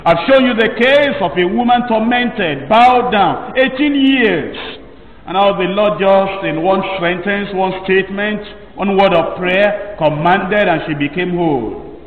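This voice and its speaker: A man with a high voice delivers a sermon at an unhurried, deliberate pace. He leans on each phrase with emphasis. The sound is dull and distant, caught from far off in an echoey hall with a long reverb tail. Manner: slow, emphatic preaching with drawn-out phrases. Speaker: pastor.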